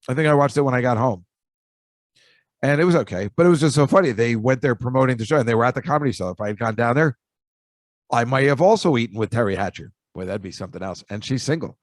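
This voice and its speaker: Man, podcast host, casual rambling stories, jokey asides, mid-pitched voice, dry close recording. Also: no room sound. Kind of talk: casual storytelling monologue.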